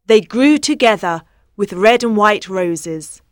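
A woman narrating a storybook in a slow, clear, evenly paced reading. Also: mid-range voice, dry recording, studio quality. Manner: slow, clear, even pacing.

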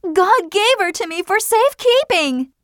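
A man doing a fierce, high-voiced young mother. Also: animated, normal speed, no room sound, studio quality. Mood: desperate pleading. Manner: high strained voice raised in pleading. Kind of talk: audiobook narration with character voices.

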